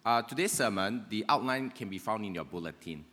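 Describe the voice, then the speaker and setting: A man's voice: on the low side, expressive, fairly quick, sharp tone. A man preaching a sermon in a conversational way, often checking in with "right?". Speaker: pastor. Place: church hall. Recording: long reverb of a church hall.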